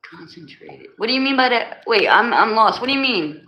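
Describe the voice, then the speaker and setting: Bright-voiced woman chatting with her stream. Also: a little high, animated, brisk. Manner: chatty, teasing, laughs often. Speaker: livestream host. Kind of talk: casual live chat with viewers. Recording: echoey room.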